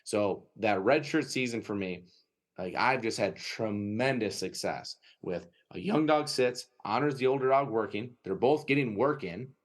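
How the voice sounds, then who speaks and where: Animated man telling dog-training stories. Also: on the low side, measured pace. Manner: animated storytelling, acting out dogs and owners; filler-heavy, frequent "right?" tags. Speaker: dog trainer and breeder, guest. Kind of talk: casual podcast conversation.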